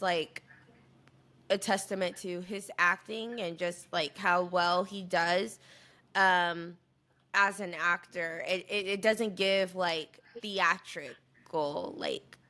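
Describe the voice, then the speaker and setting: Woman podcast cohost, bright forward voice, kinda hedgy, feels around for words. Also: on the low side. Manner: hedging, searching for words. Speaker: podcast co-host. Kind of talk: casual chat.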